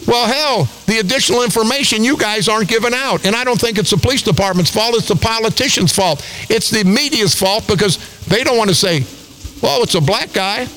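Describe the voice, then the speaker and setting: A man's voice: high voice, brisk, hardly any pauses, bright, forceful tone, a little hiss or hum, rough recording. An older man hosting talk radio, delivering an angry, combative, repetitive rant.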